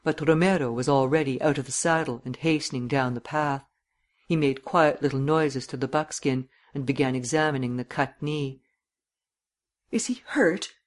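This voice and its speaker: Man with a measured storytelling voice. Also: medium pitch, steady tone. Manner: measured, descriptive reading. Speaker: narrator. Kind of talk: scripted literary narration.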